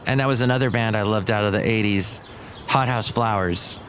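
A man's voice: fairly low pitch, a little fast, fairly bright tone, a little hiss or hum. A man hosting a podcast in a casual, rambling monologue who digresses, trails off and corrects himself. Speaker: podcast host.

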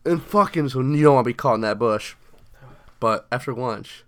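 A young man co-hosting a podcast, telling childhood stories in a casual, animated way, swearing constantly and saying "dude" often. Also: mid-range voice, normal speed. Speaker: podcast co-host. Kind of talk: casual storytelling chat.

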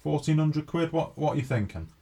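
This podcast co-host has a fairly high, animated voice with vocal fry and a dark tone, talking fairly quickly. He reads a news item aloud, then jokes around with his co-host and acts out skits in casual chat.

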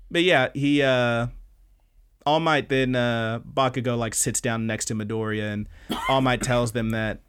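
Animated, swearing young man recapping anime. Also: mid-range voice, clear, resonant tone. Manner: animated, swears often, acts out lines. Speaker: podcast host. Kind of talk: casual recap chat.

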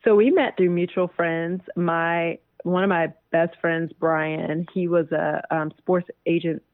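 A woman's voice: lowish voice, fairly even intonation, slow, dry recording. A woman in her thirties, an interview guest telling stories in a chatty way and laughing often. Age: 30s. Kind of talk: casual interview chat. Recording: tinny phone-like dry line.

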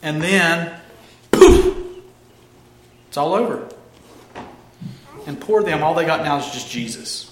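A man's voice: fairly high pitch, lively intonation, takes it slowly, pauses often, noisy background. A man preaching a casual, humorous sermon, telling the story animatedly and acting out the characters. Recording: roomy echo.

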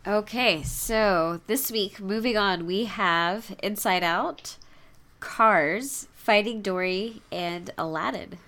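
A woman co-hosting a casual podcast, bubbly and quick to laugh, with halting restarts as she talks. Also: medium pitch, a bit bright. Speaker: podcast co-host. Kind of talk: casual chat.

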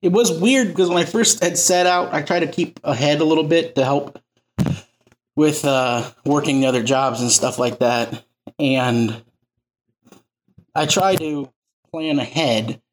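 A man's voice: on the high side, measured pace, pauses often, a little hiss or hum. A man preaching an informal sermon as a pastor, talking loosely and conversationally and working jokes into his teaching.

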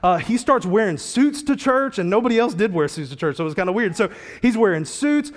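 Conversational male preacher, high voice. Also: lively intonation, brisk, big-room sound. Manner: conversational storytelling, casual slang. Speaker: pastor. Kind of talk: sermon.

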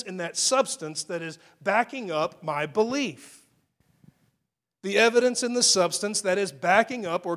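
A man preaching a sermon as pastor, conversational and personal, with many restarts and sudden swings in loudness. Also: high voice.

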